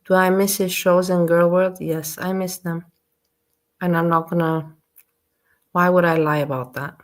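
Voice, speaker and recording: A woman's voice: on the low side, flat delivery, a little slow. A woman hosting a live stream, chatting casually and often restarting her sentences. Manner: chatty, repeats and restarts phrases. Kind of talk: casual chat.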